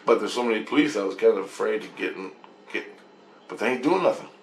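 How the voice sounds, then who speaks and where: A man's voice: lowish voice, animated, quick pace, echoey room, slight background noise. A man telling a rambling, profane story as a casual monologue, recounting events animatedly.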